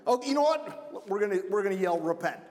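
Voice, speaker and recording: A man from Wisconsin giving an energetic children's message in church, playful and repeating himself to keep the kids with him. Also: sits high, fairly quick. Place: church sanctuary. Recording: long church reverb.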